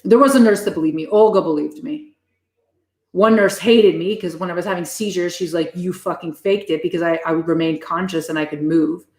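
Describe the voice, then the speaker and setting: Female streamer, lower register, profane and blunt with chat, roomy echo. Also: a little mellow. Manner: profane, blunt and fast-shifting. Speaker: live streamer. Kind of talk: casual live-stream chat with viewers. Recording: echoey room.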